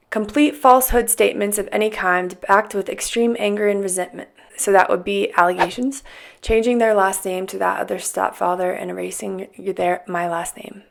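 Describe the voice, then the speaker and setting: Woman with a gravelly vocal fry. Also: medium pitch, normal speed, slight background noise. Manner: calm, labels each message in a flat aside. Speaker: parental alienation commentator. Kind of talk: reading and commenting on text messages.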